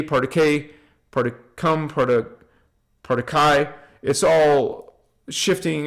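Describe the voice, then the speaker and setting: A man giving an informal spiritual talk to viewers, emphatic and repetitive, chanting affirmations and lists of names. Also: fairly high pitch. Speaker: spiritual channel host.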